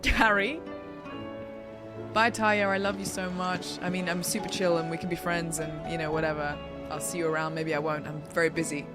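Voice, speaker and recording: A woman's voice: sits low, little pitch movement, fast, few pauses. A woman streamer playing a video game, talking chattily and playfully to her viewers. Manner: chatty, playful, talks to chat. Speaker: gaming streamer. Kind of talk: let's play commentary. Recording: voice over game music. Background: game music.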